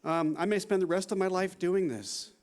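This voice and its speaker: Speaking at a normal speed in a high, darkish voice, a man in his sixties presents a conference lecture as a psychology professor. His style is conversational, with frequent "you know" and "right?" tags and laughter.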